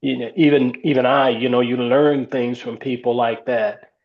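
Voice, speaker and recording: An older man, a retired ballplayer, recounting stories in a relaxed interview, with many fillers. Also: medium pitch, moderate pace. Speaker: retired baseball player, guest. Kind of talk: storytelling interview. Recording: slightly dull lo-fi sound.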